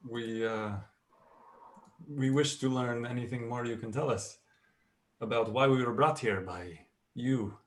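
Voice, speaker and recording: A man's voice: mid-range voice, measured pace, pauses often. A man playing a tabletop game, joking and laughing often. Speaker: player.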